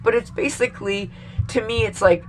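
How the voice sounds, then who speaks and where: A woman's voice: on the high side, moderate pace, slight background noise. A woman vlogger talking casually to her viewers in a rambling, profane way, laughing often. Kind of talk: casual opinion rant to camera.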